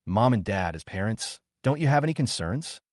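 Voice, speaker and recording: A man's voice: fairly low pitch, very animated, normal speed, dry recording, studio quality. A man voicing an anxious, earnest young woman who pleads with her parents. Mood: pleading. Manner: pleading, urgent, trembling.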